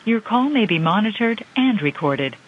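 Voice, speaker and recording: A man's recorded phone menu announcement, flat, formal and scripted. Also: high-pitched, normal speed, slightly rough. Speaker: automated phone message. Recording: very noisy phone line.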